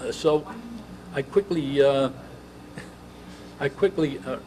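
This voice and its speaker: An elderly man in his eighties tells old army stories in a halting, reminiscing way, often pausing and restarting. His voice is of middle pitch, and a clear hiss runs under the recording. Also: darkish tone, rough recording. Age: 80s. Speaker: veteran interviewee. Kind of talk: oral history interview.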